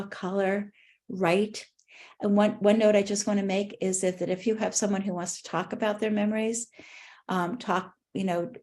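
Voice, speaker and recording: A middle-aged woman giving a conversational workshop talk to caregivers on supporting grief, gentle and often restarting her sentences. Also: medium pitch. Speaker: workshop presenter on grief care.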